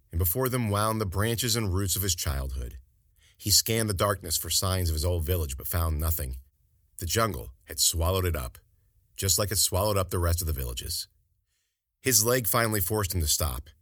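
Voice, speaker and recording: A man narrating a fantasy story as an audiobook in an expressive, dramatic reading. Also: sits low, dry recording, clean studio sound.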